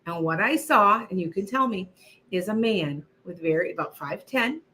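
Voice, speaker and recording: A woman's voice: mid-range voice, expressive, normal speed, bright, forceful tone, a little hiss or hum. An older woman, a retired teacher, hosting a casual livestream and chatting in a rambling way, restarting her sentences often. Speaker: psychic livestream host.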